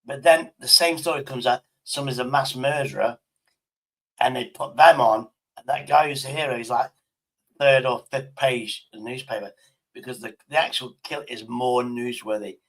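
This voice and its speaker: A man's voice: mid-range voice, steady tone, normal speed, fairly bright tone, poor audio. A man, a streamer chatting casually, rambling and swearing. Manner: rambling, sweary, restarts his sentences. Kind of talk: casual chat with an AI.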